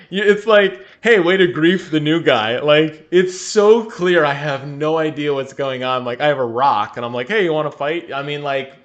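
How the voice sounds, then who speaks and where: Laughing man spinning an animated story. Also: a little high, highs cut off. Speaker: podcast co-host. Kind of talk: casual chat.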